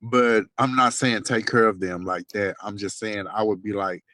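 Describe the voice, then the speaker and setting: A man gossiping with his best friend on a phone call. He tells lively, profane stories in slangy talk. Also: on the low side, normal speed, no echo.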